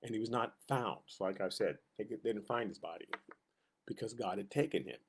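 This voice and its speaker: Man, middle-aged, husky voice, lowish pitch, Sunday school teacher, lively storytelling. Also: a little fast. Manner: animated storytelling, acting out quoted voices. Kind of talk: casual Bible lesson with personal stories.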